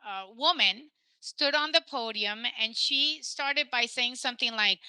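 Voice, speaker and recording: A woman's voice: fairly high pitch, normal speed, few pauses, pushed and bright, smooth, no echo, low-quality recording. A woman hosting a casual podcast conversation, telling stories animatedly and dropping in Spanish phrases. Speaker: podcast host.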